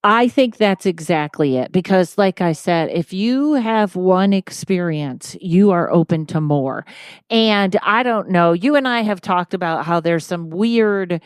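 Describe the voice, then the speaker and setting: A woman's voice: on the low side, lively intonation, a little slow, clear, resonant tone, no room sound, clean studio sound. A woman hosting a podcast in casual chat, laughing often and acting out quotes as she tells stories. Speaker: podcast host.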